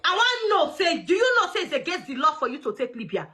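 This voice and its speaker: A woman with a Nigerian Pidgin accent hosting a casual livestream, loud and mocking, often laughing and shouting. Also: high voice, sing-song, quick pace. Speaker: livestream host.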